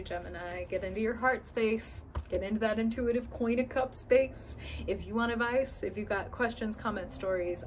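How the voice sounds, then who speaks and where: A woman's voice: on the low side, noisy background. A woman giving a casual tarot reading to camera, chatty and candid, swearing freely and acting out people's inner thoughts. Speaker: tarot reader.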